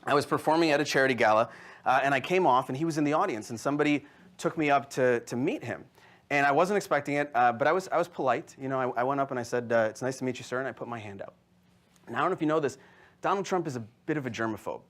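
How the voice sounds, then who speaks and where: A man's voice: medium pitch, lively intonation, quick pace, a bit bright. A man in his thirties doing a stand-up comedy set before a live audience, telling stories with quoted voices and asides to the crowd. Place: live venue with audience laughter.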